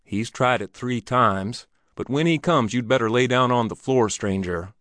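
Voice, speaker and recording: A man voicing a calm, matter-of-fact barkeeper in an old Western story. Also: mid-range voice, moderate pace, dry recording, clean studio sound, close to an everyday voice. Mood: steady.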